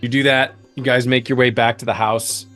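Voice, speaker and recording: A man's voice: mid-range voice, flat delivery, a little fast, fairly bright tone, faint music behind. A man narrating a tabletop role-playing game as game master, describing scenes with frequent ums and uhs.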